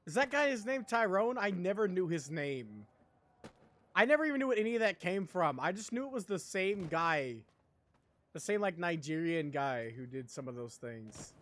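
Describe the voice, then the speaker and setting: A man's voice: sits high, lively intonation, normal speed, fairly bright tone. A man streaming a video game, chatting casually as he plays, rambling and laughing often. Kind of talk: casual gameplay chat.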